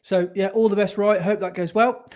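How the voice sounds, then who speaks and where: A man's voice: high voice, fairly even intonation, moderate pace, darkish tone. Chatty man hosting a running podcast. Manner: chatty, upbeat, many fillers while reading messages. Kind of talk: casual chat.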